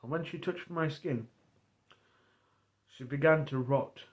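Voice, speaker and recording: A man streaming and casually retelling a roleplay story, rambling and halting as he goes. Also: on the high side. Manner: rambling, halting, many fillers and restarts.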